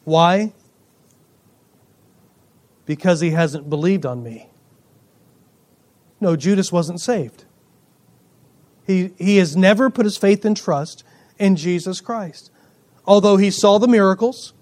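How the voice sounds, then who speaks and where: A male pastor preaching a sermon, swinging between loud emphatic lines and quiet asides, joking with the congregation. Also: sits high, normal speed. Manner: jokes with the congregation.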